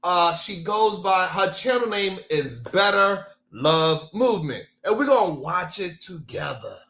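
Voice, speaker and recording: Male live-stream host, unhurried and playful, echoey room sound. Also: high voice, animated, creaky, sharp tone. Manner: greets chatters by name, laughs often, playful. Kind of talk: casual live-stream chat.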